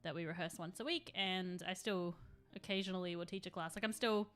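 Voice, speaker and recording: A woman's voice: fairly low pitch, fairly quick, a bit bright, soft background music. A woman in her thirties chatting casually on a live stream, rambling and answering chat while she paints miniatures.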